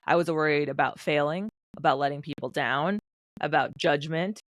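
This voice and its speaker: A woman in her thirties, a former fighter pilot, chatting as a podcast guest in an animated storytelling way, acting out quotes. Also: sits low, no echo. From United States. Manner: animated storyteller, quick bursts, acts out quotes. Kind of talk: casual interview conversation.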